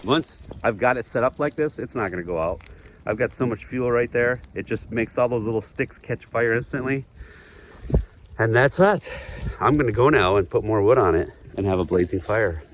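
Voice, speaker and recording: A man's voice: mid-range voice, normal speed, a little hiss or hum. A middle-aged man casually talking through a how-to vlog outdoors in snowy woods, chatty and rambling with jokes. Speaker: outdoors vlogger.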